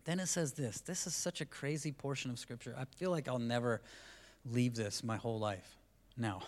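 A man serves as pastor at a church service, delivering a sermon at a normal pace and medium pitch. His conversational style swings between quiet asides and loud, emphatic lines.

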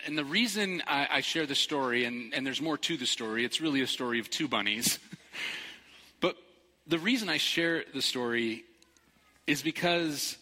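Middle-aged man, playful pastor; very bright sound, long hall reverb. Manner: playful, animated storytelling with jokes and high-pitched quoted voices. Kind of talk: casual storytelling sermon. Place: large church hall.

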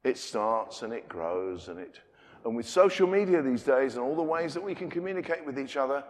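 A British preacher talks his congregation through a sermon in a conversational way. He swings from loud, pressing emphasis to quiet asides. His voice sits at an ordinary middle pitch and trails a long echo around the church. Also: animated, brisk. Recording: long reverb of a church hall.

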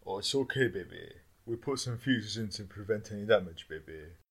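A man voicing a smarmy male political husband in a low, drawling croon. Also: expressive, normal speed, slightly rough. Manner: low crooning, drawling every line with baby.

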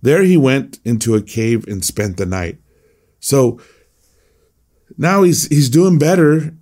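A man's voice: medium pitch, lively intonation, slow, darkish tone. A man teaching a devotional Bible message as a pastor, earnest and repeating phrases for emphasis.

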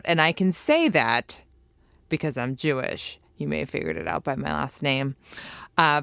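Low, smooth-voiced woman podcast host. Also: dry recording, studio quality. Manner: playful, joking. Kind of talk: comic podcast intro.

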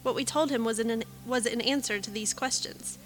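A woman's voice: a little high, fairly quick, close to an everyday voice. A woman reading as anxious pleading brothers. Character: anxious group of brothers, grown men.

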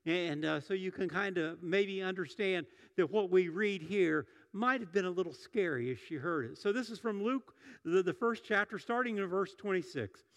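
A man's voice: high-pitched, normal speed, few pauses, a bit bright. A middle-aged man preaching a sermon in a church, conversational, often restarting and repeating words. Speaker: pastor. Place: church sanctuary. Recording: long hall reverb.

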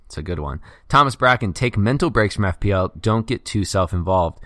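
Low-voiced male podcast host, dry sound. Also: expressive, a bit bright, no echo. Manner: loose, joking, reads listener write-ins quickly. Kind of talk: casual podcast chat.

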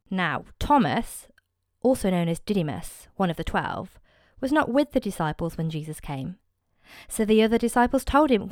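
A woman's voice: mid-range voice, no echo. Woman reading scripture, dry close sound. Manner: measured, expressive, with dramatic emphasis. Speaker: scripture reader.

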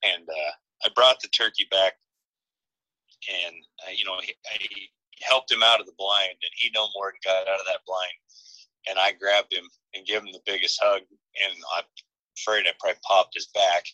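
Deep-voiced man telling a story. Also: normal speed, no room sound, rough recording. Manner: animated, laughs often while telling. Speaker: podcast guest. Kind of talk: casual storytelling.

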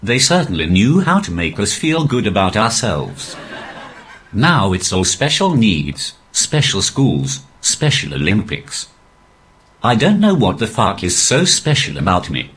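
A male stand-up comedian talking through a posh, robotic text-to-speech voice with a deadpan, even delivery. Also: lowish voice, unhurried, husky. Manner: deadpan, evenly paced delivery. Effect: synthetic text-to-speech voice. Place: live comedy venue.

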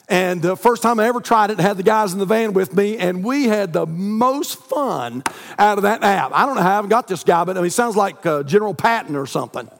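A man, preaching a sermon as pastor, climbing to near-shouts and dropping to soft prayer. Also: high voice. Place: church sanctuary. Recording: long reverb in a church hall.

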